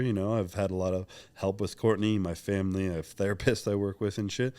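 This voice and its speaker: A man's voice: fairly low pitch, a little mellow, smooth, no room sound. A young man talking openly and reflectively as a podcast guest, rambling with many fillers in casual interview chat.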